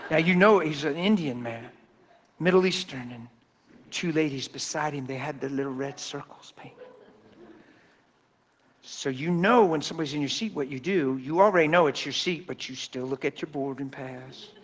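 Man, preacher, folksy animated storytelling, high voice. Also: moderate pace. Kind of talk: storytelling sermon.

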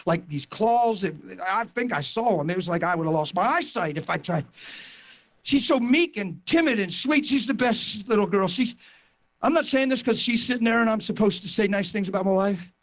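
A pastor with a noticeably high voice gives a sermon testimony, recounting his own story to his congregation with fervent energy. At normal speed and with lively intonation, he moves from quiet reflection to near-shouted emphasis.

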